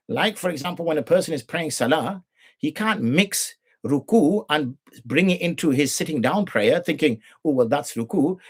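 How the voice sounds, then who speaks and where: A middle-aged Islamic jurist with a fairly high, husky voice teaches prayer rules on a live show. Rhetorical questions drive his arguments, and he mimics the people he is correcting.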